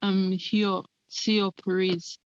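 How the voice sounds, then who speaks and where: A woman answering interview questions in a hesitant, subdued way, with many pauses. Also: mid-range voice, flat delivery, clean tone, no echo. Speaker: interview guest. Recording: dull, lo-fi, dry remote line.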